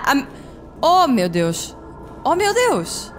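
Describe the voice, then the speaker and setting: A woman's voice: high-pitched, big pitch swings, measured pace, slight background noise. A woman in her twenties commentating a horror game as she plays, reacting with exclamations and swearing. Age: 20s. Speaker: gaming video creator. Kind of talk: let's play commentary. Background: game music.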